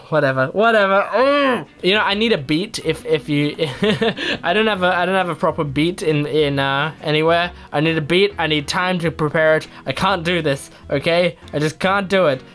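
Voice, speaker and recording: A man's voice: on the high side, moderate pace, a bit bright. A young man answering fan questions in a casual, rambling, playful way. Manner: rambling, playful, self-mocking. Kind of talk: casual Q&A chat.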